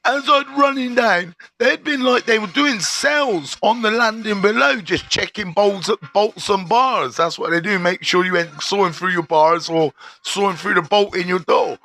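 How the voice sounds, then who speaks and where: A man's voice: sits high, normal speed, vocal fry, pushed and bright, slight background noise. A middle-aged man hosting a live stream, telling a prison story with swearing and street slang.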